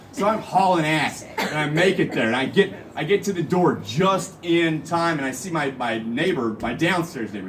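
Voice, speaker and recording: Young man, live storyteller, rambling with lots of "like", lively pitch, phone recording from far back. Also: slight background noise. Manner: rambling, fills with "like" and "literally". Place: live show venue. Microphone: phone camera from the audience.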